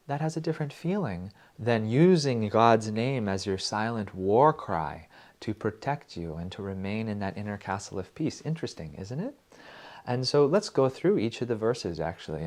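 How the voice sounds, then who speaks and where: A man gently teaching about devotional verses, reciting lines slowly and dropping his voice to whispers. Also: fairly low pitch. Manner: slow, gentle, drops to whispers on repeated words. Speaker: spiritual music teacher.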